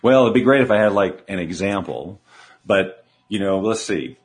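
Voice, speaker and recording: A man's voice: fairly low pitch, animated, normal speed. A man speaking as a guest in an interview, coaching earnestly with emphatic rhetorical questions. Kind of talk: conversational coaching talk.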